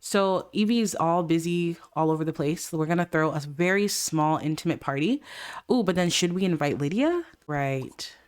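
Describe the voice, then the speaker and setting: A woman's voice: fairly low pitch, expressive, normal speed, smooth. A woman hosting a casual let's play, chatting and giggling as she plays and voices her characters' lines. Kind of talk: casual gameplay commentary.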